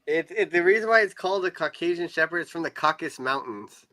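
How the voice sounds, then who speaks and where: A man's voice: on the high side, animated, quick pace, bright, forceful tone, dry recording, poor audio. A man on a casual livestream chat telling stories and laughing as he goes. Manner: storytelling, laughs mid-sentence. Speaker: livestream guest.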